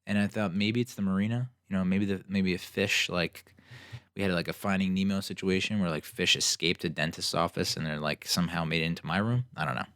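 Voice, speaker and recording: A young man with a very deep voice tells stories on his podcast, casual and sarcastic. He keeps it animated and slips into mocking versions of the people he met. The sound is dry and close. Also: brisk, no echo. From New Jersey. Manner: animated, sarcastic, acts out other people's lines. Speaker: podcast host. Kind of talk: casual solo storytelling.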